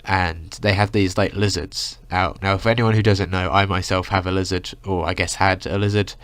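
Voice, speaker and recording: A man's voice: sits low, steady tone, normal speed, a bit bright, smooth, no room sound. A young man ranting through a casual storytime, rambling with lots of filler words. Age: young adult. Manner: rambling, full of "like" and "you know". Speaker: vlogger.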